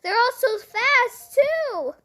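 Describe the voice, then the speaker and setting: A young woman commentating her gameplay aloud, excitable, squealing and giggling at every surprise and narrating each event as it happens. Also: very high voice, slow pace. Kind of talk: excited let's-play commentary.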